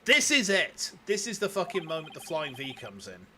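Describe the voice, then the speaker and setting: A man's voice: fairly high pitch, huge pitch swings, moderate pace, crowd noise. A man from England chatting casually while streaming a game, rambling, swearing and mocking himself. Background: game music.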